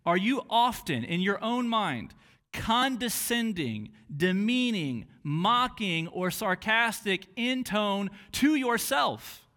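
Man, pastor, sermon, fairly high voice, earnest, questioning. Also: big pitch swings, slow, sharp tone. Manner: earnest, questioning, acts out harsh inner voices.

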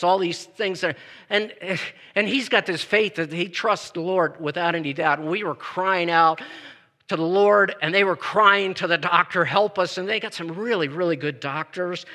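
A male pastor delivers a Christmas Eve sermon to his congregation. He talks in a loose, conversational way, full of asides and restarts. His voice sits a bit high and rings bright.

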